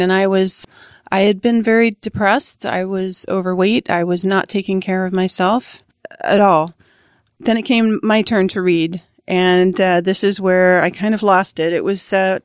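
A woman's voice: medium pitch, fairly even intonation, a little slow, smooth, no room sound, studio quality. A woman sharing her first recovery meeting on a podcast, speaking reflectively with frequent small restarts. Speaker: Al-Anon member sharing her story.

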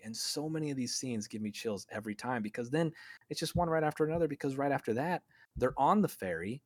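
A man's voice: mid-range voice, lively intonation, quick pace, dry recording. A man co-hosting a film podcast, retelling scenes in an enthusiastic, rambling way with many restarts. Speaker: podcast co-host. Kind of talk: casual film podcast monologue.

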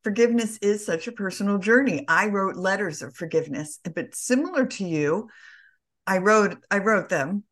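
A woman's voice: medium pitch, lively intonation, moderate pace, a bit bright. A woman hosting an interview, affirming her guest and sharing her own experience in casual chat. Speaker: podcast host.

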